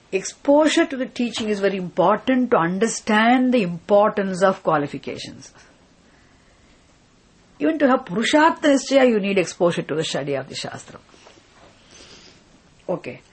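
A woman's voice: medium pitch, breathy edge. A woman teacher explaining a scripture text word by word, patiently repeating terms and checking with her students.

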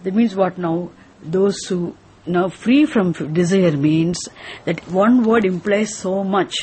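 A woman, teaching a scripture lesson slowly and deliberately, repeating phrases and asking rhetorical questions. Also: fairly low pitch, warm tone, slightly rough.

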